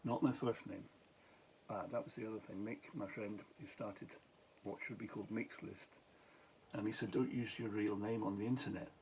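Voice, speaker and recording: Casting note: tired, middle-aged Scottish man, lowish voice, rambling anecdote with restarts and chuckles, faint hiss behind. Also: steady tone, normal speed, a little mellow, low-quality recording. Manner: meandering, many restarts and asides, chuckles. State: tired, late at night. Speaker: vlogger, former police officer. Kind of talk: rambling late-night storytelling.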